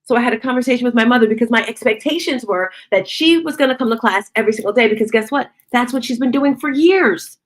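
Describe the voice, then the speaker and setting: A middle-aged woman giving a casual motivational talk, expressive and chatty, acting out conversations as she goes. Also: fairly high pitch, fast talker, hardly any pauses. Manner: expressive, acts out quoted conversations. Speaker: motivational speaker and fitness studio owner.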